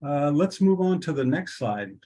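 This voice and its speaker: A man hosting an online workshop, giving measured opening remarks with fillers and restarts. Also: on the high side, animated, dark tone, rough recording. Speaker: workshop host.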